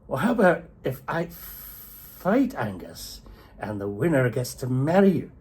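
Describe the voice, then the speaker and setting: Bold giant suitor, blustery and husky, guy doing the voice, swings up and down a lot. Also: medium pitch, sing-song, a little slow, darkish tone, voice pushed up, full character voice. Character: brash Irish male giant suitor.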